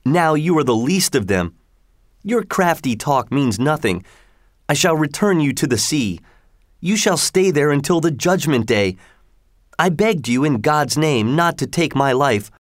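A man doing a stern high-voiced old-tale fisherman. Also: animated, unhurried, no room sound, clean studio sound. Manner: stern, declaiming. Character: boastful, triumphant poor male fisherman.

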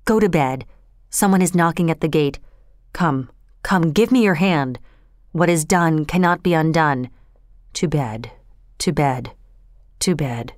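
A proud queen walks in her sleep and murmurs orders to a vision, as a woman narrator voices her. Her voice sits low and distracted yet commanding, recorded dry and close. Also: measured pace, long pauses, no echo. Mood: murmuring.

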